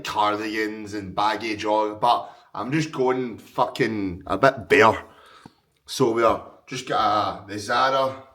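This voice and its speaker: Low-voiced sweary Glaswegian bloke. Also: male voice, fairly bright tone, dry recording. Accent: Scottish, Glaswegian. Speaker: fitness vlogger. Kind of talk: casual vlog chat to camera.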